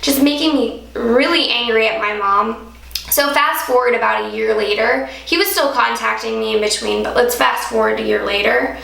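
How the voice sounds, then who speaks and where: Brief: young woman vlogger from Alaska, slightly high and gravelly, chatty story-time, echoey room. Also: moderate pace, a bit bright. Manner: chatty, heavy use of "like". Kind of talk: casual story-time monologue.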